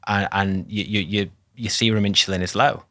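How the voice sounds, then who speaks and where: A man who co-hosts a podcast as a cardiologist, explaining things in a relaxed chat with swearing and laughter. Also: lowish voice, moderate pace.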